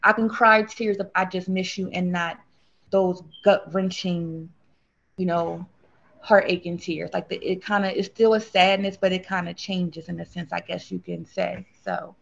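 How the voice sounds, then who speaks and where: A woman speaking earnestly and at length as an interview guest, rambling through a personal story of grief and getting animated when she quotes others. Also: fairly low pitch, measured pace, gravelly, muffled recording. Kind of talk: emotional conversational interview.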